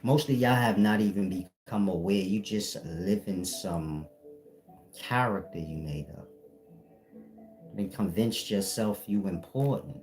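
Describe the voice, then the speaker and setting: Dude preaching straight at his viewers, lowish firm voice, scolding and blunt, bit of music faint behind. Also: measured pace. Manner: blunt, lecturing, scolding the audience; firm, defined voice with no airy softness. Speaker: self-styled spiritual teacher. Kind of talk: preachy solo monologue to viewers.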